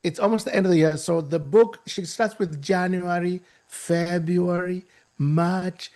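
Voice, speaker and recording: A man with a high, gravelly voice tells a story to an audience. He acts out the people in the story and repeats phrases for effect. He talks in a loose, animated way with many restarts. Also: unhurried. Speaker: guest speaker. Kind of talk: storytelling talk.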